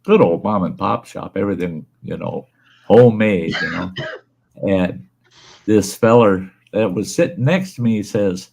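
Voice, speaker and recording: A gravelly, fairly low-voiced man hosting a casual livestream from home. He tells rambling, folksy stories, laughs often and swears now and then. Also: normal speed, darkish tone. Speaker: livestream host. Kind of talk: casual chat and storytelling. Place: room at home where he smokes.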